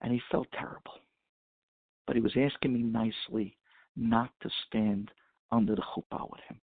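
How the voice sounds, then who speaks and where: A man's voice: mid-range voice, steady tone, normal speed, breathy edge, dry recording, phone-quality sound. A man, a rabbi, telling a story in an impassioned sermon and mixing in Hebrew and Yiddish terms, heard over a phone conference line.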